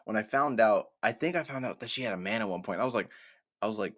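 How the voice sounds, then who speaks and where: A young man in his twenties, co-hosting a podcast and telling a story in casual chat, animated, laughing and repeating "I was like". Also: on the low side, quick pace, no echo, studio quality. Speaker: podcast co-host.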